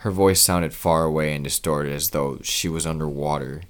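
Man with an extremely deep voice, steady grim first-person story narration. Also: moderate pace.

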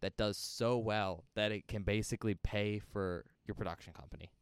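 A man's voice: on the low side, moderate pace, clean tone, no echo. A young man co-hosting a casual movie podcast, explaining film history and teasing his friend. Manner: teasing, animated when making a point. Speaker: podcast co-host.

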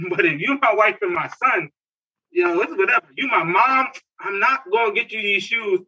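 A man from Newark, telling animated stories in slangy casual chat and laughing often. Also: high voice, fairly quick, slightly rough. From Newark, New Jersey. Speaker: podcast co-host. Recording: distant, dull lo-fi mic.

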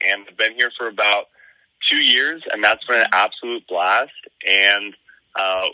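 A man's voice: lowish voice, sharp tone, no echo. A man from Florida, a podcast guest on a phone call, answering politely and eagerly with filler ums. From Florida, USA. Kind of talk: friendly interview answers.

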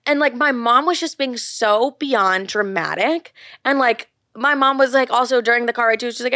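A woman's voice: a little high, steady tone, brisk, pushed and bright, no echo, clean studio sound. A young woman in her twenties hosting a solo podcast, telling stories candidly with lots of "like" and swearing. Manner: candid storytelling, heavy filler "like", frequent swearing. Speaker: podcast host. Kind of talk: casual solo podcast chat.

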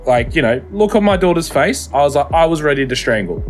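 A man's voice: on the high side, animated, fairly quick, soft background music. A man, co-hosting a podcast and telling a story in casual chat, full of swearing and laughter. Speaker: podcast co-host.

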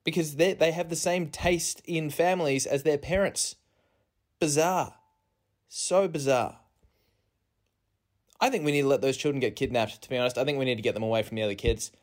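A man's voice: normal speed, long pauses. A man, hosting a podcast as a rambling comic monologue, self-mocking and meandering, recorded on a phone in a rented apartment. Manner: self-mocking, meandering, with sudden jumps in pitch. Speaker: podcast host.

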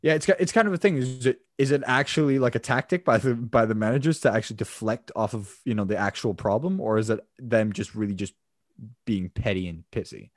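A man's voice: mid-range voice, a little fast, no room sound, clean studio sound. A man co-hosting a casual football podcast, chatty and rambling, with frequent restarts. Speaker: podcast co-host.

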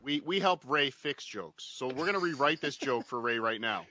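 A man hosting a comedy stream, cutting in with teasing, deadpan banter. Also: medium pitch, normal speed, a little hiss or hum.

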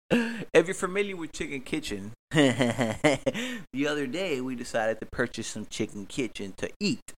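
A man's voice: medium pitch, fairly bright tone. A man hosting a podcast, telling a personal story in a rambling, profane, self-mocking way. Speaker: podcast host. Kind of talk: casual storytelling chat.

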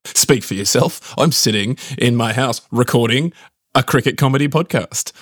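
A man's voice: mid-range voice, moderate pace, no echo, clean studio sound. A man co-hosting a cricket podcast from his house, wry and teasing as he tells stories in a casual chat. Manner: wry, teasing, lively storytelling. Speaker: podcast co-host.

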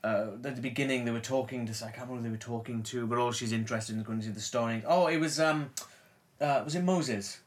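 A man's voice: medium pitch, fast. A man co-hosting a casual film podcast, bantering and swearing casually as he chats. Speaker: podcast co-host.

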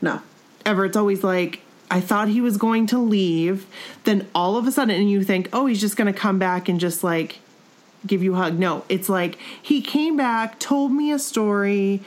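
A woman's voice: mid-range voice, moderate pace. A woman host reacting emphatically and gushing in casual chat. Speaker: podcast host.

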